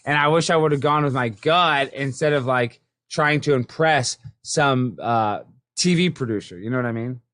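A man's voice: medium pitch, normal speed, a bit bright, dry recording. A man in his twenties, a guest talking casually and loosely, filling his speech with "like" and "you know". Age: 20s. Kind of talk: casual conversation.

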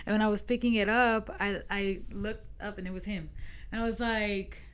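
Speaking at a normal speed in a smooth, steady, medium-pitched voice, a twenty-something podcast co-host casually recounts a long dream. She quotes everyone in it with "I was like."

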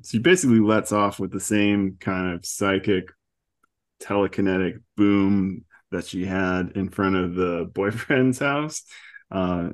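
A man hosting a podcast, casually recapping a comic book with lots of laughs and fillers. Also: deep voice. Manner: chatty, laughs often, acts out quotes. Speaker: podcast host.

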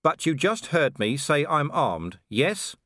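A man's voice: on the high side, big pitch swings, moderate pace, fairly bright tone, no echo, voice pushed up. A man voicing a weary, dry-witted middle-aged male watch commander in an audiobook, sardonic and dry.

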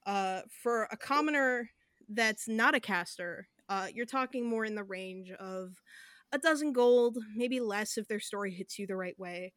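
A woman's voice: mid-range voice, unhurried, a bit bright, no room sound. Woman game master narrating, dry sound. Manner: describes scenes at length, with fillers.

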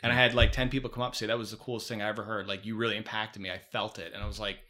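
A middle-aged man, a life coach, talking as a podcast guest in an energetic, emphatic way. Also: fairly low pitch, rapid-fire. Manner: energetic, emphatic storyteller, repeats mantras. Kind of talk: casual podcast chat.

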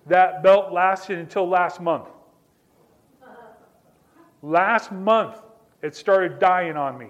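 A male pastor with a high-pitched voice draws out his words and leaves long pauses as he preaches. He tells a personal story conversationally, speaking to his listeners directly and repeating phrases to build emphasis.

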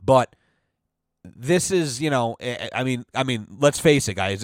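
A man's voice: mid-range voice, unhurried, dry recording, clean studio sound. A young man hosting a podcast, telling rambling comic stories in a casual, profane monologue. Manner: profane, rambling, animated storytelling. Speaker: podcast host.

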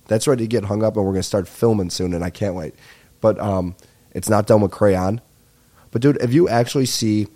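A man, rambling excitedly and swearing through a comedic podcast monologue as host. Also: fairly low pitch. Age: 20s.

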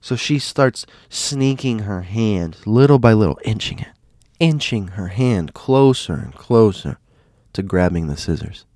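A man with a somewhat low voice retells a ghost story in a casual, dramatic way. He leans on rhetorical questions to press his point. The recording is dry and close, with no room sound. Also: expressive, a little slow, a little mellow, dry recording.

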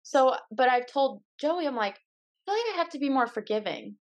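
A woman's voice: sits high, sing-song, moderate pace. Blunt young woman in casual chat. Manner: blunt and candid, acts out quoted lines in her own voice. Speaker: podcast guest.

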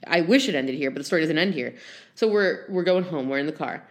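A young woman hosting a podcast, telling a bad-date story in an animated, self-deprecating way with lots of "like" and "um". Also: deep voice, quick pace. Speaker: podcast host. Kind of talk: casual storytelling monologue. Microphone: handheld phone.

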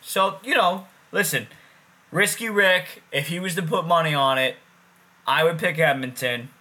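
A man with a fairly high, sharp-toned voice co-hosts a loose sports podcast, taking his time. He talks casually, curses, and says things more than once.

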